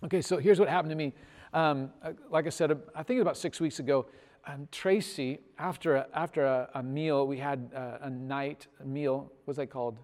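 A man preaching a sermon as pastor, telling a story with big swells in loudness and soft, trailing phrase endings. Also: fairly high pitch, normal speed, in a large hall. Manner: animated storytelling, swells loud on punchlines, drops soft at ends.

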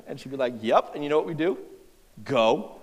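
A man's voice: on the high side, animated, moderate pace, a little hiss or hum. A man in his thirties, a pastor preaching a sermon, telling a funny family story in a conversational way and speaking straight to his listeners. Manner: humorous, conversational, talks to the audience. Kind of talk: sermon with personal stories. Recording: hall reverb.

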